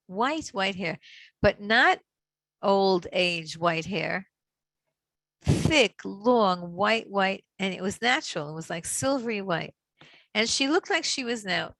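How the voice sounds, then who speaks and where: A middle-aged woman teaching a Torah class on a video call, chatty and warm, greeting each listener by name. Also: medium pitch, vocal fry, dry recording. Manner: reads Hebrew verses slowly for others to repeat.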